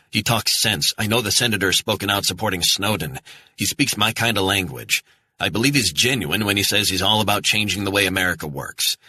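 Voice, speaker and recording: A man's voice: sits low, bright, forceful tone, slightly rough, exaggerated voice. A man playing an earnest male journalist who presses his case urgently on the phone. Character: middle-aged male journalist, earnest and persuasive.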